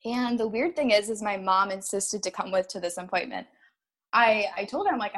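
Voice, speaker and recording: A woman in her thirties telling a personal story, halting and choked up, with nervous laughs. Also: mid-range voice, fairly bright tone.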